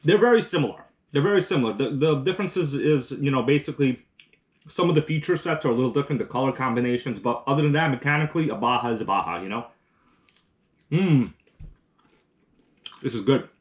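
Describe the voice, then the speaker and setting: A man's voice: mid-range voice, fairly quick, pauses often. A man hosting a casual live stream, chatting while eating and reading viewer comments aloud, rambling with restarts. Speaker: livestream host.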